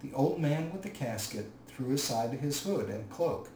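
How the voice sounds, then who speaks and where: A man narrating a storybook aloud in a measured, even manner. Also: mid-range voice. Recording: roomy, distant mic, faint hiss.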